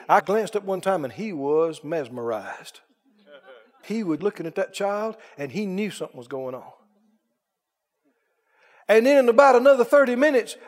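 A man's voice: sits high, big-room sound. A man preaching a sermon who moves from folksy storytelling to fervent preaching.

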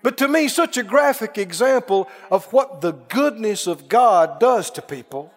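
A man's voice: high voice, lively intonation, a little slow, hardly any pauses, in a large hall. A man preaching a sermon who moves from folksy storytelling to fervent preaching.

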